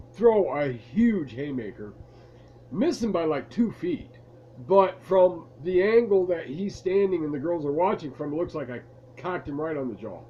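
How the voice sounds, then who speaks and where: A man's voice: on the high side, dark tone, muffled recording, slight background noise. A man casually telling a rambling, amused story to camera in a room at home. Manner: laid-back, rambling, amused. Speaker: vlogger telling stories from his past. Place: room at home lit by a lamp.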